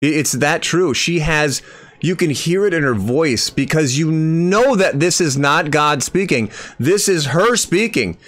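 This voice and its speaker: A man's voice: a little high, animated, a little slow, fairly bright tone. A man commenting on a video clip, incredulous and critical, rambling and restarting his sentences.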